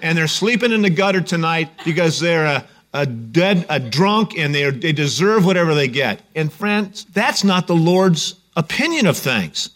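A man's voice: on the high side, sing-song, normal speed, hardly any pauses, a bit bright. A man preaching a sermon in a conversational, joking storytelling way. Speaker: pastor.

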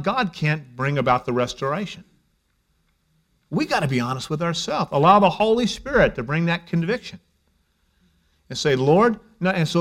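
A middle-aged male pastor preaching a sermon in a conversational way, dropping to a hush and then rising to emphasis. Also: fairly high pitch. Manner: conversational preaching, shifts between hushed and emphatic.

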